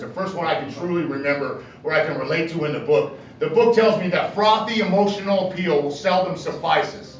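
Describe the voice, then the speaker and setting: A middle-aged man talks plainly and profanely to a recovery meeting, tossing in "right?" as he goes. His voice sits a little high for a man. He is picked up from across an echoey room, with faint noise behind him. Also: a bit bright, recorded from a distance. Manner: blunt, profane storytelling with frequent "right?". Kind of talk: personal recovery talk.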